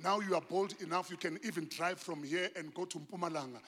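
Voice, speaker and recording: Male South African pastor, high tenor, impassioned sermon in a big echoing church. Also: fairly quick. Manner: impassioned preaching, swinging from hushed to shouted, mixes in Zulu phrases. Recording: long hall reverb.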